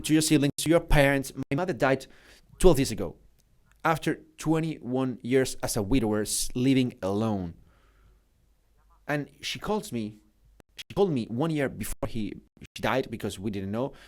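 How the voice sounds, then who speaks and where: A middle-aged man whose first language is Spanish, giving a motivational conference talk in English. He swings between loud urging and hushed storytelling, with frequent restarts. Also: mid-range voice. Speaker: conference keynote speaker. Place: conference hall.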